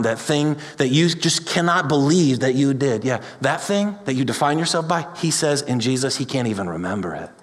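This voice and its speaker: A pastor preaching a sermon with passion, building his voice up to loud peaks. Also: medium pitch. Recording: large hall with long reverb.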